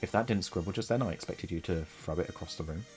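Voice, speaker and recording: A man's voice: deep voice, a little mellow, soft background music. A man, casually chatting and laughing on a live stream while painting miniatures. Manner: chatty and playful, quick to laugh.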